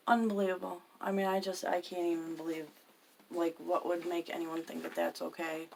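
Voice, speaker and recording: Woman with a deep, rough voice, angrily recounting a run-in, cursing freely and sometimes whispering. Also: steady tone, measured pace, a little hiss or hum. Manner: agitated, swears constantly, drops into whispers. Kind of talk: profane personal storytelling.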